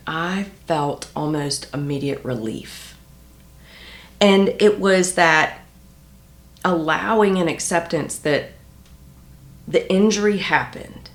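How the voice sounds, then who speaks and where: Low, gravelly woman in an echoey room. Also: measured pace. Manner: earnest and confiding, drops to soft near-whispers. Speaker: manifestation coach. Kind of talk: reflective personal talk to viewers.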